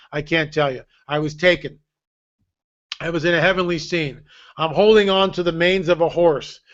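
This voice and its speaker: An older man tells a story in a high, animated voice, acting out every line of dialogue and throwing in sarcastic jokes. His voice comes through a dull, lo-fi stream. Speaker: guest author.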